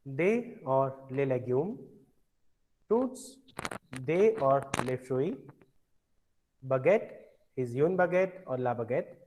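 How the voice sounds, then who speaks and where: Male teacher, slow and patient, repeats words for the class; a lightly raised voice. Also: fairly high pitch, a little mellow, low-quality recording. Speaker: French teacher. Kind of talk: classroom language lesson.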